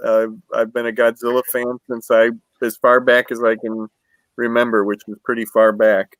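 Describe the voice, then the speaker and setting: A man's voice: medium pitch, completely flat delivery, moderate pace, a bit bright, no echo. Jokey man with a northern accent. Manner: jokey, laughs often, stumbling starts. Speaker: writer and editor, panel guest. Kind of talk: casual video panel chat. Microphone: video call.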